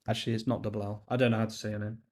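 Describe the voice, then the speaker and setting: A man's voice: fairly low pitch, flat delivery, racing, darkish tone. A young man chatting casually on a live stream while coding, reading chat aloud, laughing and swearing now and then. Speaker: livestream host.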